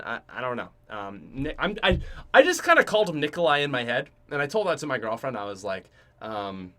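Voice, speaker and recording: A man's voice: mid-range voice, bright, forceful tone. A young Canadian man with a Canadian accent hosting a podcast, telling a story in a rambling way with many fillers and restarts. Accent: Canadian English. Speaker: podcast host. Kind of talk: casual storytelling.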